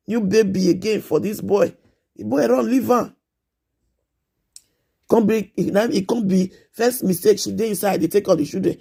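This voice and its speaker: A woman's voice: mid-range voice, gravelly, dark tone, slightly rough. A Nigerian woman in her thirties on a casual live stream, giving earnest advice and repeating herself as she pleads with her viewers.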